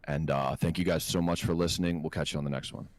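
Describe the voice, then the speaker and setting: Low-voiced profane podcast storyteller man. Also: quick pace, dry recording. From North America. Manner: animated, profane storyteller, laughs a lot. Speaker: podcast host. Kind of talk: casual storytelling chat.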